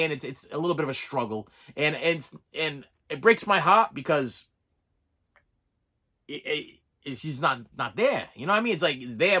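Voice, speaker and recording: Animated man venting to camera. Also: on the high side. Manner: rambling and venting, with repeated restarts and dry jokes. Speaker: channel host. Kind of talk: candid vlog monologue.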